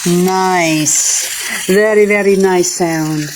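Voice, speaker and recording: An Australian woman vlogging about her garden, telling a personal story in an animated way and chuckling often. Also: on the low side, drawn-out words, noisy background. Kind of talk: personal storytelling while potting plants.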